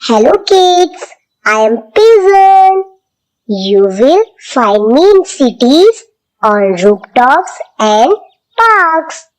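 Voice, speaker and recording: A woman voicing friendly little cartoon birds in a children's learning video, slowly spelling out letters one by one. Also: high-pitched, big pitch swings, heavily acted, rough recording. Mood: cheerful. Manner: slow, sing-song spelling out letters one by one.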